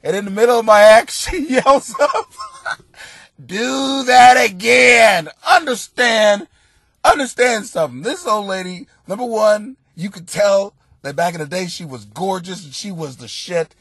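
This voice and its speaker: Loud, profane comic man, lively high voice. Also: normal speed, few pauses, slightly rough, no room sound. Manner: profane, rowdy, laughs loudly. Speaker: podcast host giving advice. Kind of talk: comedic advice podcast.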